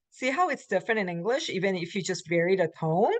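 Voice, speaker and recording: A woman's voice: mid-range voice, expressive, a little fast, hardly any pauses. A woman professor giving a recorded language lecture. She explains with many fillers and acts out example phrases. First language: Korean. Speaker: college Korean language professor.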